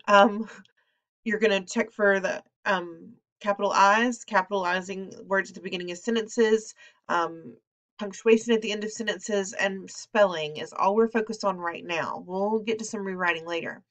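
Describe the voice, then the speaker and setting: A woman teacher talks her class through the day's assignment in a recorded lesson. Her voice sits at an ordinary middle pitch, and her delivery is chatty and relaxed, full of ums and wandering asides. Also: normal speed.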